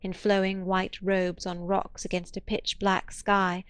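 A woman narrating a classic novel in a measured, expressive audiobook reading. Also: medium pitch, clear, resonant tone, no room sound.

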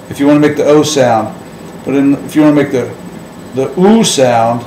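A man's voice: on the high side, expressive, moderate pace, a little hiss or hum. A man teaching a Latin lesson at a board, playfully drawing out vowel sounds to demonstrate them. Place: classroom. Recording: echoey room with faint ambience.

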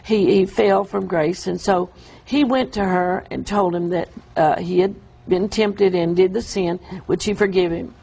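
A woman telling an emotional, halting account of a vision in an interview. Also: lowish voice, fairly even intonation, creaky, dark tone, slightly rough, poor audio. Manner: emotional, halting storytelling with restarts. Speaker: guest describing a vision. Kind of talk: earnest testimony in an interview.

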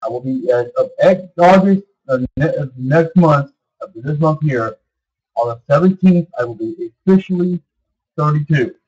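Rambling husky man in his thirties. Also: on the high side, animated, normal speed, a little mellow, highs cut off. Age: 30s. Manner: meandering, repeats himself, many fillers. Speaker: vlogger. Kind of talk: rambling casual monologue.

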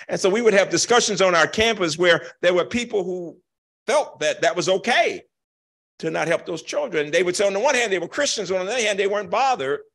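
Gravelly older man telling a story. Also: sits high. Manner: animated, emphatic storytelling with slow dramatic pauses. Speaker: keynote speaker. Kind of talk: storytelling answer to audience question. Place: lecture hall.

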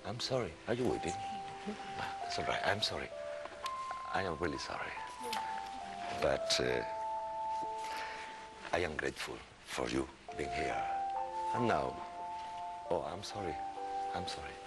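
A man hosting a TV interview. He reads aloud slowly and dramatically, translates, and often apologizes. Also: extremely low pitch, sing-song. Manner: slow dramatic reading, apologetic. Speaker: TV talk show host. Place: TV studio with audience. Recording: studio music and audience.

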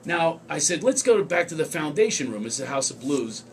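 A man's voice: a little high, very animated, a little fast, a little hiss or hum. A male comedian telling funny stories in casual radio chat, acting out quotes in raised voices. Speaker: comedian guest.

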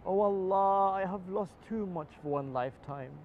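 High-voiced man reciting a religious poem. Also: normal speed, narrow, tinny audio, a little hiss or hum. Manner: impassioned, swelling declamation. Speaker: poetry reciter. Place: outdoors at a live religious event.

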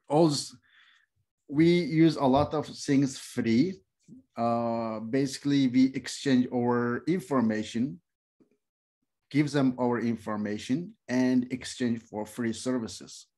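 Man, non-native speaker, first language Uyghur, middle-aged, classroom lecture, slow, many fillers, halting restarts. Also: mid-range voice, fairly even intonation, a little mellow. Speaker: instructor.

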